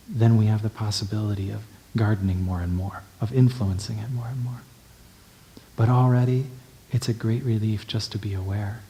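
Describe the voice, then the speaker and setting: A male meditation teacher giving a dharma talk in a gentle, unhurried way, often checking in with the listener. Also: fairly low pitch.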